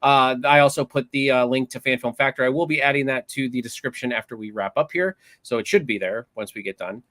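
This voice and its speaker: A man's voice: mid-range voice, a little fast, a bit bright, no echo. A middle-aged man from the United States chatting easily as co-host of a live panel. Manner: chatty, easygoing. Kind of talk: casual live panel chat.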